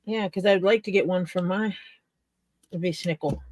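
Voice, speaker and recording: A man's voice: high voice, fairly even intonation, normal speed, darkish tone, no room sound. A man co-hosting a casual livestream, chiming in with short teasing remarks. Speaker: livestream co-host. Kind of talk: casual live-stream chat.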